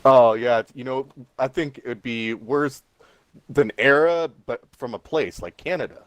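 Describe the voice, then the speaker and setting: A man co-hosting a podcast in casual chat, joking around with quick asides. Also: medium pitch, dry recording. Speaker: podcast co-host.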